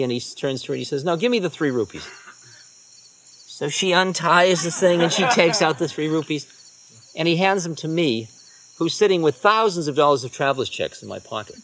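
A man with a voice on the high side tells stories in a talk as a spiritual teacher. He stays relaxed and conversational, often slipping into quiet asides.

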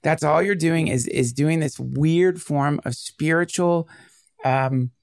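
Male podcast host, gravelly, slightly high register, rambling and animated. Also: slow pace, no room sound, studio quality. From United States. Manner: rambling, animated, self-interrupting. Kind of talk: casual conversation.

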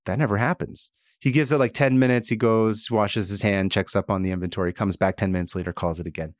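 A man hosting a podcast, telling a comic story in an animated way and acting out characters. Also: fairly low pitch, quick pace, no room sound, studio quality. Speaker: podcast host. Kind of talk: comedic storytelling.

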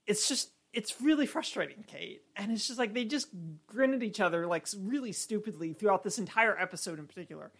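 A woman co-hosting a TV podcast in casual chat, animated and exasperated, laughing often. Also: medium pitch, a little fast, hardly any pauses, breathy edge. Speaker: podcast co-host.

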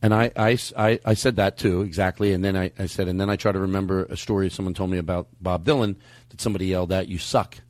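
A man's voice: low voice, fairly even intonation, fast, darkish tone, dry recording. A man co-hosting a comedy podcast, rambling and swearing, laughing through his words as he asks questions. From Philadelphia. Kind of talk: casual banter, asking questions.

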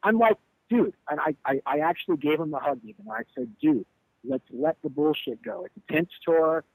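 A man tells a tour story in an interview, swearing freely and playing out each line of the argument. His voice sits a little high for a man. The sound is dry and close, with no room around it. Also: moderate pace, gravelly, husky, no echo, low-quality recording. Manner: animated, profane, acts out quotes. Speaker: band leader telling a tour story.

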